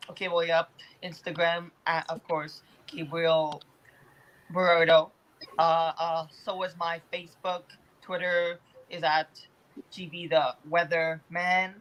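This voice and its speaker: A man's voice: a little high, flat delivery, takes it slowly, a bit bright, lo-fi sound. A young man from Toronto talking casually as a weather guest on a podcast, rambling with lots of fillers and laughing easily.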